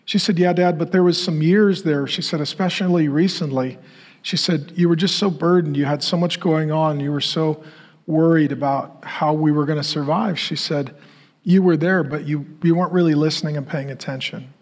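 Middle-aged male preacher, slightly higher voice, personal and then emphatic. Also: steady tone, normal speed. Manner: personal storytelling, rising to emphatic call-and-response questions. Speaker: pastor. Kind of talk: sermon.

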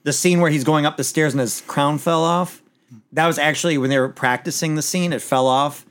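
A man's voice: on the high side, brisk, smooth. Man rambling through a TV recap. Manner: rambling, animated, with frequent restarts and swearing. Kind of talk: casual chat recapping a TV episode.

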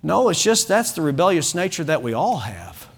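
A male pastor preaching an evening sermon, emphatic, with frequent restarts and softer asides. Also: on the high side, sing-song, moderate pace, gravelly, breathy edge. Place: church service.

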